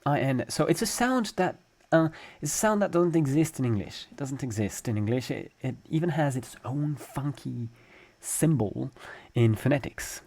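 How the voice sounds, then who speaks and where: A man's voice: medium pitch, expressive, normal speed, darkish tone. A man with a French accent, a French teacher giving a casual spoken lesson, joking as he explains and drawing out example sounds. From France.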